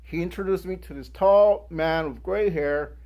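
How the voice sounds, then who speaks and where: A young man giving a guest speech, telling a personal story in an animated way and acting out the people in it. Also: high voice, normal speed. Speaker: guest speaker.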